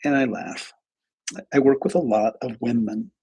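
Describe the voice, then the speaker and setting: Older male therapist, livestream storyteller, gravelly and husky, restarts often. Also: mid-range voice, moderate pace, mellow, dull audio. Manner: rambling, repeats words, many restarts. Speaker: therapist and coach.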